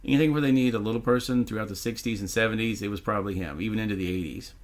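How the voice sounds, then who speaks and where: A man's voice: on the low side, rapid-fire. Laid-back man recapping a film plot. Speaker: podcast co-host. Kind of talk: casual movie recap.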